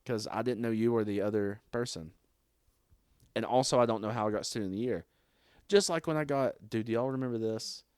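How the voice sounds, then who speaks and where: A man's voice: on the low side, fairly quick, clean tone, no room sound, clean studio sound. A man, co-hosting a podcast in casual chat, telling stories with swearing and laughter. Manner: animated storyteller, swears often, laughs at himself. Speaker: podcast co-host.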